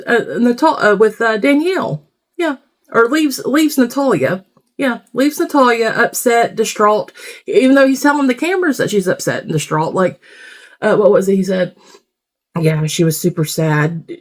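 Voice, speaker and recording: A woman giving casual reaction commentary on a reality show, blunt and rambling, swearing freely. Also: on the high side.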